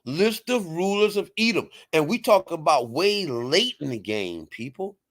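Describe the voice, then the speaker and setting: Hosting an online show, this man reads aloud from a screen and argues his case in heated, casual commentary, his fairly high voice sing-song and measured. He keeps saying "right?" and "people" with emphasis, rising now and then to loud outbursts.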